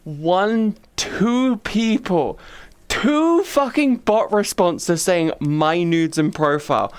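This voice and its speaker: A woman streamer in casual chat who rants loudly and swears constantly. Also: fairly low pitch, animated, slow pace, clean tone. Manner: loud, profane, ranting. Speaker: VTuber streamer.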